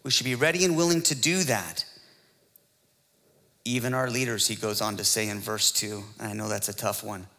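A man's voice: on the low side, steady tone, normal speed, bright, forceful tone, big-room sound. A man preaching a sermon as pastor, in a joking, conversational way with frequent laughs.

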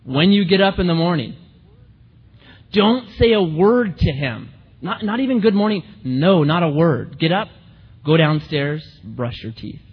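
A woman's voice: fairly low pitch, very animated, unhurried, husky, in a large hall, highs cut off, full character voice. A man voicing a mother giving her daughter firm, emphatic instructions. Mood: instructing. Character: bossy reassuring middle-aged mother.

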